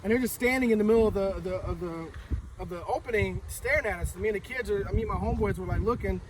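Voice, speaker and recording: A man's voice: high voice, fast talker, a crowd in the background. A man casually telling a rambling, profane story outdoors in a forest. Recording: distant mic, loud outdoor noise.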